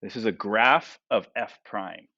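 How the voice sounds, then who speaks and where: A man's voice: on the low side, unhurried, pushed and bright, highs cut off. A man teaching a math class, who keeps asking his students questions and tags his points with "right?" and "okay?". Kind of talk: classroom lecture.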